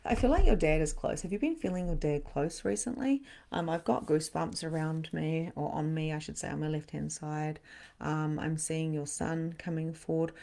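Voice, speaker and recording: Woman medium, middle-aged, low-ish voice, live reading, slips into whispers. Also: moderate pace, gravelly. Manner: dips into soft whispers. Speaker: spiritual medium and host. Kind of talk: live-stream card reading.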